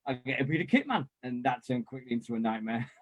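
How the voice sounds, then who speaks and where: A man, chatting casually and telling lively anecdotes with mild swearing and quoted voices. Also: mid-range voice, fast. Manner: animated storyteller, mild swearing, acts out quotes. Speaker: former club volunteer and kit man.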